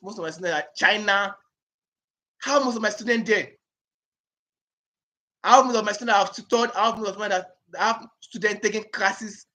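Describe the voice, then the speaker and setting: In a classroom lesson built on call-and-response, a Nigerian-accented IELTS speaking tutor drills key phrases and quizzes his listeners to check their understanding. He has a high, fairly bright voice.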